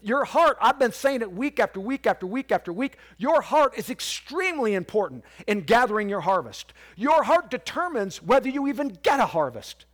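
A male preacher delivering a sermon from the pulpit. His voice sits high and moves all over the place, dropping to near murmurs before leaping into loud, squawking bursts. The delivery is loose and conversational, full of restarts and calls to the congregation. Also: very animated, moderate pace, hardly any pauses. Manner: preacher's swings from quiet to loud, squawking parrot imitations. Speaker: pastor.

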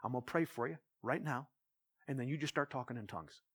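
A man's voice: mid-range voice, fast talker, a bit bright, slightly rough, voice pushed down. A pastor quoting a matter-of-fact, insistent male coworker who gives plain instructions. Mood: instructing.

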